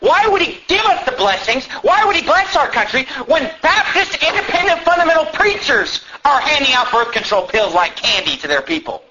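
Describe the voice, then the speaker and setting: A man preaching a fiery sermon in a high, bright voice that swings widely up and down. He reads scripture in old-fashioned wording and breaks into impassioned, mocking wails. The recording is dull and lo-fi. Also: sing-song, moderate pace, few pauses, slight background noise. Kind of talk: fiery sermon reading King James scripture.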